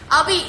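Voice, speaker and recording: A woman's voice: extremely high pitch, sharp tone. Brash, profane teenage girl streamer. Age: teens. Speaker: live streamer. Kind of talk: casual live-stream chat reading viewer comments. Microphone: phone. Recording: roomy, noisy phone live stream.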